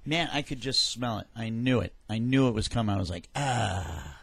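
A man's voice: medium pitch, quick pace, fairly bright tone, dry recording. A man co-hosting a recovery radio show, joking around and stumbling through plugs. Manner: jokey, stumbles over plugs. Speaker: podcast co-host. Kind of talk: casual radio chat.

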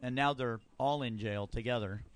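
A man co-hosts a casual talk show with wisecracks and joking asides. His voice sits in a middle pitch. The sound is dry. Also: normal speed, clear, resonant tone, no room sound. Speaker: podcast co-host. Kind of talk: casual chat.

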